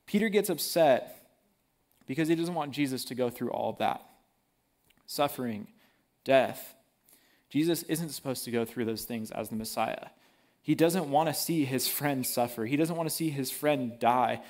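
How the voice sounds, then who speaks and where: A man preaching a sermon in a casual, animated way, using everyday slang. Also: medium pitch, normal speed.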